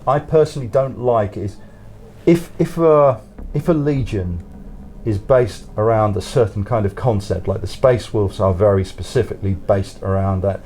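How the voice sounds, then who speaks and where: A man's voice: fairly low pitch, moderate pace, warm tone, slight background noise. Rambling, thoughtful male author guest. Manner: thoughtful, rambling, repeats words, laughs often. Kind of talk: interview answers. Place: studio.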